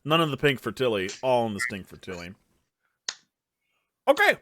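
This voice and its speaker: Animated, bright-voiced dungeon master. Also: male voice, mid-range voice, moderate pace, a little hiss or hum. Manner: loud, playful, laughing, teasing. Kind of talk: running a tabletop game online.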